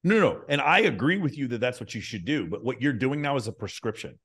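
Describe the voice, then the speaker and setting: A male dating coach on a panel, arguing in a blunt, profane and animated way. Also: medium pitch, quick pace, husky. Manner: blunt, profane, animated when making a point. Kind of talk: heated panel discussion.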